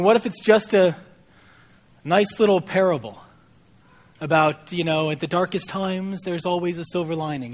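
High-voiced man preaching casually. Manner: casual storytelling, voices the people in the story with mild humor. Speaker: pastor. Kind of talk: conversational Easter sermon.

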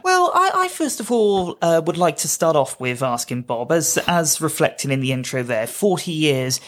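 A man hosting a radio interview, relaxed with small hesitations. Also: on the high side, moderate pace. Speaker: radio show host.

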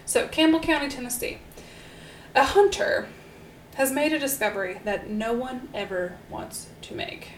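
A woman co-hosts a casual true-crime podcast, telling a case upbeat and chatty with plenty of fillers as the storyteller. Her voice is high-pitched and animated at a normal speed. The recording has a roomy echo and faint hiss.

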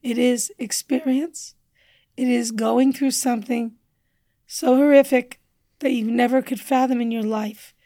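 A woman guest on a podcast telling a personal story with earnest feeling, sometimes dropping to a hushed near-whisper. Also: high voice, no echo. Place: indoor studio table.

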